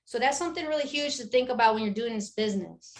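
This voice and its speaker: Animated high-voiced motivational woman. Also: quick pace. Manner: animated, emphatic, speaks candidly and directly. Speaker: network marketing team leader. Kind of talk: motivational talk to her team.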